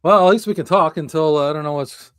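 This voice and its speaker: A man's voice: on the high side, fast, fairly bright tone, clear, resonant tone, dry recording. A man hosting a casual live-streamed chat over a remote mic, swearing often and laughing, exasperated at glitches. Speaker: podcast host. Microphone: remote video-call stream mic.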